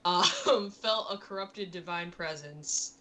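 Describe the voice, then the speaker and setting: A woman's voice: fairly low pitch, takes it slowly, pushed and bright. A woman playing a tabletop game with friends, chatting casually, laughing often and swearing now and then. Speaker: player. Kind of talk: casual tabletop play chat.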